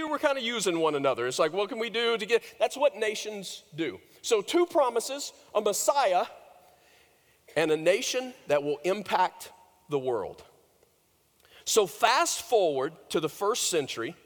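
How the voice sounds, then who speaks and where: A man preaches in a church sanctuary, his voice sitting high for a man. He tells the story dramatically, climbing loud and then dropping to a hushed hush. A long reverb trails off every phrase. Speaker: pastor. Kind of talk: sermon.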